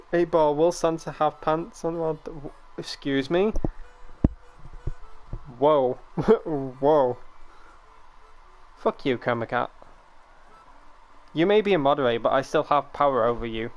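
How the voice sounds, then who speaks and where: A man's voice: fairly high pitch, a little slow, long pauses, muffled recording. A man live-streaming a game, chatting casually with his viewers, joking and swearing freely, often repeating words as he thinks.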